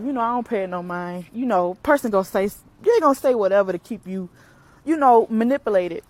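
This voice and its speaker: A woman's voice: on the high side, lively intonation, fairly quick, a little mellow. A young adult woman telling a personal story on camera in a candid, blunt, profane and emotional way. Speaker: vlogger.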